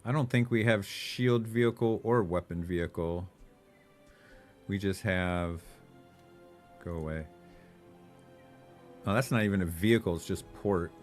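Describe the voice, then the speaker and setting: A man live-streaming a video game, thinking aloud in a relaxed, casual way and swearing now and then. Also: deep voice, a little slow, pauses often, soft background music.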